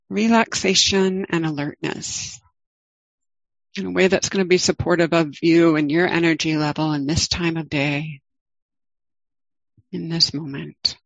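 Woman meditation teacher, calm, slow, soft-spoken, dry close sound. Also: on the low side, no room sound, rough recording. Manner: calm, slow, gentle with long pauses. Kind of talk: guided meditation.

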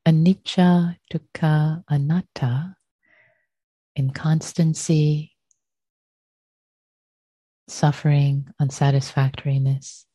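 A woman with a low, breathy voice gives a gentle dharma talk at an unhurried pace. She repeats phrases softly, like a meditation teacher. The sound is dry and close. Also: dry recording.

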